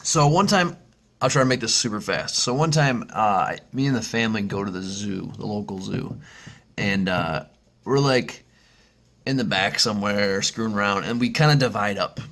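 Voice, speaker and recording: A man's voice: lowish voice, moderate pace, fairly bright tone. A man hosting a casual vlog, talking in a rambling, upbeat way with lots of fillers and restarts, and telling a funny story. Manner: acts out screeching monkey sounds when telling a story. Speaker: vlog host.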